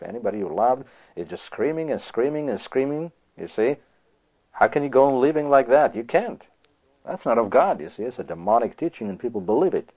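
A male preacher delivering an emphatic sermon, peppering it with rhetorical questions. He slows right down to read scripture aloud. The recording sounds a little dull and lo-fi. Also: medium pitch, darkish tone.

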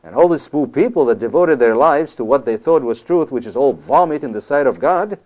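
A man's voice: mid-range voice, animated, a little fast. A man preaching a sermon in a conversational, emphatic way, often checking in with "you see?". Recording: tinny phone-like sound.

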